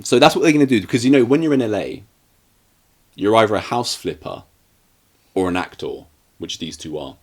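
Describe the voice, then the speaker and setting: A man co-hosts a casual podcast, mocking a bad horror film with dry sarcasm. His pitch swoops around animatedly as he acts out bits of dialogue. The talk is loose and conversational. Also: animated, fairly quick, pauses often. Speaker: podcast co-host. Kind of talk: casual movie review chat.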